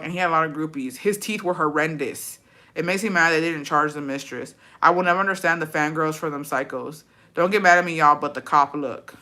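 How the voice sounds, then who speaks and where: A woman chatting casually and bluntly with her viewers, swearing freely and breaking into animated outbursts. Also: fairly low pitch. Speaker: streamer reacting to chat. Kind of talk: casual profane chat.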